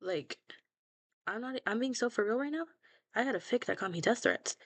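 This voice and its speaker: A woman's voice: fairly high pitch, animated, normal speed, fairly bright tone, no echo. A young woman chatting casually about her own fan fiction, blunt and self-mocking, swearing freely and laughing at herself. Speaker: fanfiction writer scrolling her own archive.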